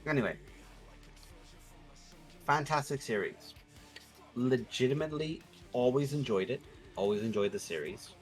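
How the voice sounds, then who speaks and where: A man streaming while he draws, chatting casually in rambling, sweary, animated rants. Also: medium pitch, moderate pace, long pauses, faint music behind.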